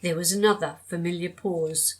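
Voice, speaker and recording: A woman reads an audiobook aloud. Her delivery is measured and steady, keeping an even storytelling pace through the narration. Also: fairly low pitch, low-quality recording.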